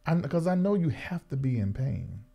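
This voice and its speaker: A man hosting a talk show, probing his guest with expressive questions. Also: mid-range voice, normal speed, creaky, slightly rough, dull audio.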